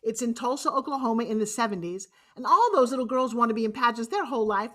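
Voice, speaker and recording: A woman in her sixties with a New York accent, telling a personal story on stage in a lively, joking, blunt way. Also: a little high, quick pace, few pauses. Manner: animated, jokey and blunt, acting out other voices. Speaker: motivational speaker.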